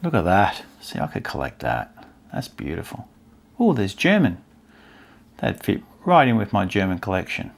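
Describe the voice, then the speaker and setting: Man, low voice, gravelly, casual stamp collecting chat, thinks out loud. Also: wildly swooping pitch, normal speed. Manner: chatty, musing aloud, easily delighted. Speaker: stamp collecting channel host. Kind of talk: casual chat while browsing an album.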